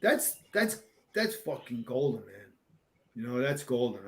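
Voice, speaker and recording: A man in his sixties, a veteran fire captain, telling war stories as a podcast guest in a lively, profane way. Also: mid-range voice, unhurried. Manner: animated, profane storyteller. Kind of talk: casual storytelling in an interview.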